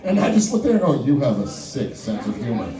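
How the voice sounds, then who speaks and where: A man's voice: medium pitch, sing-song, fairly quick. A young man doing a stand-up comedy set at a live venue, playfully bantering with audience members by name. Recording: echoey room, voice far from mic, crowd audible.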